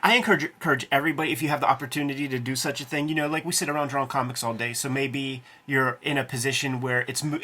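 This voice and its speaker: Bright-voiced profane cartoonist, animated talker. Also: male voice, medium pitch. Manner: profane, acts out movie lines with put-on tough-guy voices. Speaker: cartoonist co-host. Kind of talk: casual chat about comics.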